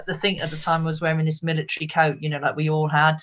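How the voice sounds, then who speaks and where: A woman guest telling a personal story in casual chat, animated, acting out what people said. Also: sits low, quick pace, slight background noise. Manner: lively, animated retelling with voiced quotes. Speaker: interview guest.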